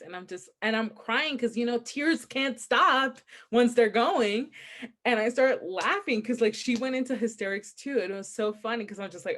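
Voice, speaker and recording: A woman's voice: medium pitch, brisk. A young adult woman co-hosting a casual podcast, telling a story with lots of laughter and acted-out quotes. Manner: animated storytelling, laughs often, acts out quotes. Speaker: podcast co-host. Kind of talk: casual chat.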